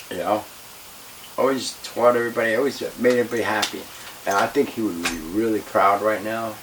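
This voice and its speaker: This man's lowish, gravelly voice carries a profane, emphatic wrestling tale from his days as a pro, now retired. The interview has him heated, and the audio comes from a distant mic with faint hiss.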